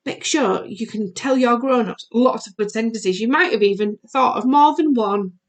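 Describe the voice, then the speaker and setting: A primary school teacher recording a video lesson for young children, asking questions in a sing-song way. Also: female voice, a little high, moderate pace.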